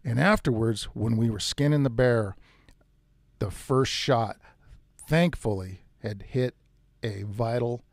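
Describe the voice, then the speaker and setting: A man telling a tense first-person hunting story in a casual, animated way, with some mild swearing. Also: medium pitch, slow, long pauses, dry recording, studio quality. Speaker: outdoors storyteller.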